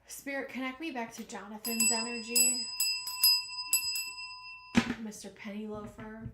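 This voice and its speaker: A woman's voice: on the high side, steady tone, a little slow, long pauses, reverberant, very noisy. A woman giving a live-stream tarot reading, chatty and emotional, talking to spirit and to her viewers. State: emotional, nearly crying. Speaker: tarot reader.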